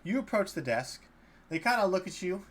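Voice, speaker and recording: A man's voice: high voice, sing-song, moderate pace, fairly bright tone. A man running a tabletop game as dungeon master, narrating loosely with many fillers and restarts. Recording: faint background noise.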